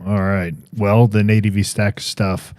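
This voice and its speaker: A man's voice: fairly low pitch, level tone, measured pace, a little mellow, dry recording, studio quality. A man co-hosting a podcast in a laid-back, casual way, with wry asides. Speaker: podcast co-host. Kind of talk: casual chat.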